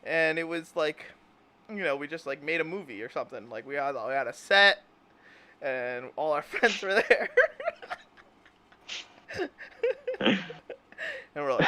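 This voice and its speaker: A man's voice: a little high, unhurried, long pauses, sharp tone. Giggly man rambling in casual chat. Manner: giggly, rambling, laughs through his words; acts out imagined lines in silly voices. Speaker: host.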